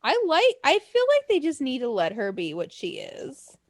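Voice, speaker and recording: Lively high-voiced woman chatting. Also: normal speed, no room sound. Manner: swearing, excitable, laughs often, lively and chatty. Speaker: podcast co-host. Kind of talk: casual chat.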